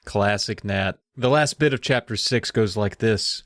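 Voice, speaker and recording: A man's voice: fairly low pitch, moderate pace, few pauses, a bit bright, no echo. Guy co-hosting a podcast, swears a lot, wry offhand book recap, dry close mic. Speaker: podcast co-host. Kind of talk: casual comedic book recap.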